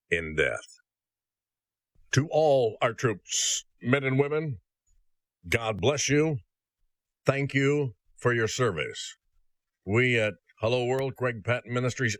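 A man delivers a sermon in an earnest, slow and solemn voice. His voice sits low, and the sound is dry and close. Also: fairly bright tone, no echo. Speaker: ministry host. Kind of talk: sermon with a read-aloud story.

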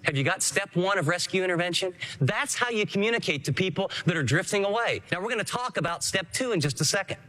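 A man's voice: high voice, animated, fast talker, few pauses, bright, forceful tone. A man preaching a sermon as pastor, earnest and emphatic, acting out short quotes.

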